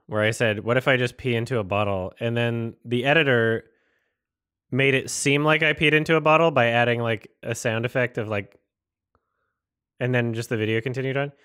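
A man's voice: medium pitch, fairly bright tone, smooth, no room sound, clean studio sound. A man casually commenting on a movie as he watches it, rambling, swearing and incredulous. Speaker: host reacting to a film.

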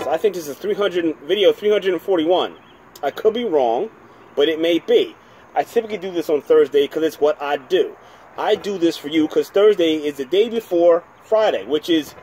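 A man's voice: on the high side, a little mellow, slight background noise. A man from New Jersey, hosting his own whisky review channel, talking in a chatty, rambling, self-deprecating way. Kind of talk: casual home video review.

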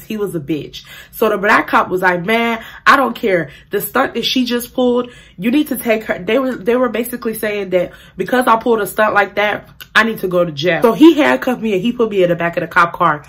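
A young woman telling a profane, animated storytime in casual vlog style, acting out the people in it. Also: medium pitch. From African family. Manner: animated, profane, acts out quotes loudly. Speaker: beauty vlogger.

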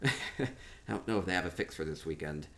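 Male streamer with a lowish voice, casual and playful, thinking out loud as he wanders through player-built rooms. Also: expressive, a little fast, vocal fry. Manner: playful, rambling, thinking aloud. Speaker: streamer touring player homes in a game. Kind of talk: casual live-stream commentary.

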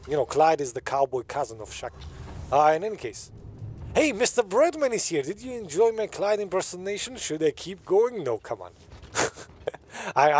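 Man, gaming streamer, joking, animated, high voice, lively swings in pitch. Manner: jokey, animated, laughs at his own bits. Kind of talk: casual let's-play commentary.

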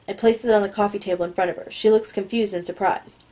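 A woman reads a first-person novel aloud in a mellow, warm voice at a mid pitch. She stumbles over words now and then, restarts, and breaks in with quick asides of her own. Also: fairly even intonation, low-quality recording. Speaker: reader.

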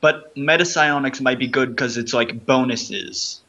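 A man's voice: mid-range voice, measured pace, pushed and bright. Hesitant man on a dull lo-fi mic. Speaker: player. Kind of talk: casual tabletop game chat.

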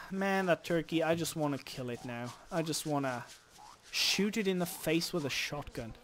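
Excitable gamer man cursing at spiders. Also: fairly high pitch, slow pace. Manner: animated, swears at game creatures, sudden loud outbursts. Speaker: let's play host. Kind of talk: casual gameplay commentary.

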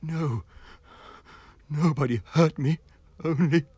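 A man voicing a frightened young man in a storybook reading, gently pleading at first, then gasping and stammering in terror. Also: fairly high pitch, huge pitch swings, a little slow, husky, no room sound, pitched above the performer's own voice, full character voice. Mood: terrified, stammering.

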